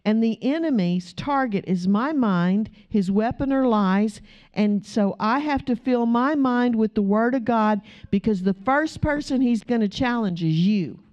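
Woman, pastor, sermon, warm mellow tone, animated storytelling. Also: a little high, muffled recording. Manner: animated storytelling, acting out quotes.

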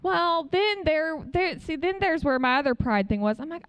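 A woman preaching in a conversational way, telling a personal testimony as an animated story and acting out what other people said. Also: high-pitched, moderate pace, hardly any pauses. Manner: frequent "like" fillers. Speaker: speaker sharing a testimony.

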